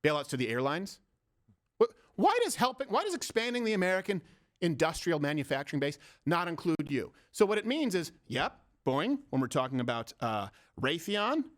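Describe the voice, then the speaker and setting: A male host tears into his topic with sarcastic, rapid-fire rhetorical questions. His voice sits a little high and swings widely up and down as he rants in a studio. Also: very animated. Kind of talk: political comedy commentary.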